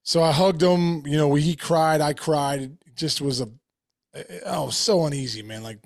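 A man co-hosting a sports podcast, speaking in a heartfelt, halting way with many restarts. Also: fairly high pitch, no room sound, studio quality. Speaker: podcast co-host. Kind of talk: casual chat.

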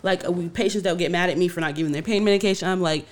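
A woman's voice: on the low side, very fast. A woman who works as a nurse, chatting casually and acting out what she says to patients. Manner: expressive, acts out quotes. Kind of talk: casual chat.

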